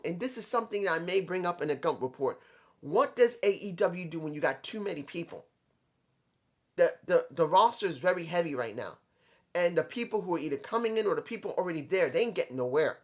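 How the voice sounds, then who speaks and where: Man from New York with a New York accent, fairly high voice, blunt and opinionated, casual rambling wrestling recap. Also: animated, fairly quick. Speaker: wrestling commentator.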